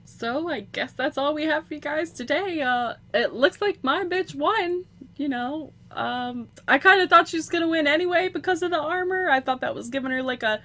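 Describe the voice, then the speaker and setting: A woman giving casual video game commentary into a home computer microphone, excitable, swearing freely and breaking into loud exclamations. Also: sits high. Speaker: gameplay commentator.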